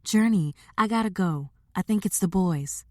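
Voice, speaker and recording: A woman voicing a young single mother who is guarded but lively with her family. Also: medium pitch, normal speed, no echo, clean studio sound, natural voice. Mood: brisk.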